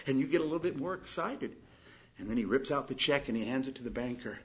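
A man preaching a sermon, swinging from loud emphatic declarations to quiet, hushed storytelling. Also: medium pitch, lively intonation, fast talker, slightly rough, lo-fi sound. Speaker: pastor.

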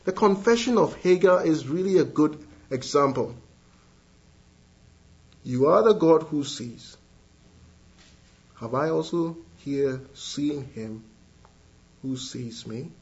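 A man preaching a sermon earnestly, moving between hushed lines and rising, emphatic appeals. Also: a little high, lively intonation, slow, pauses often, breathy edge. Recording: dull lo-fi sound.

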